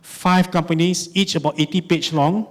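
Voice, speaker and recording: A man in his forties with a Malaysian English accent speaks at a finance summit. His voice sits on the higher side, and he tells his stories in an animated way, tossing rhetorical questions at the audience. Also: moderate pace. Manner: animated storytelling, lots of rhetorical "right?". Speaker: conference speaker. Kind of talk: conference keynote talk.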